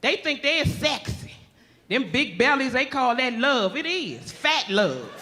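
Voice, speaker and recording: Brash high-voiced woman doing stand-up. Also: sing-song, measured pace, in a large hall. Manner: brash, tells it like it is, laughs at her own jokes. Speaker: stand-up comedian. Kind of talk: stand-up comedy set. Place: comedy club stage. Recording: live club audience and noise. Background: audience laughing.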